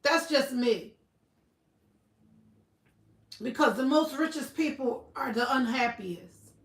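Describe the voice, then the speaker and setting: A woman's voice: high-pitched, a bit bright. A woman chatting casually on a livestream, blunt and profane. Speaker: livestream host. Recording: roomy echo, slightly far from mic.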